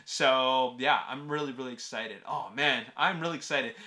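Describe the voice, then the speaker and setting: A man's voice: medium pitch, moderate pace, pushed and bright. A man hosting a movie news vlog, talking eagerly and emphatically straight to his viewers. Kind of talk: casual fan commentary to camera.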